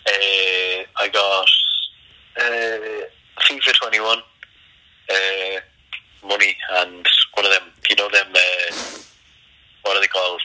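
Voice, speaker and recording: A young man in casual chat, giving short, hesitant replies with many pauses. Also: deep voice, level tone, sharp tone, low-quality recording.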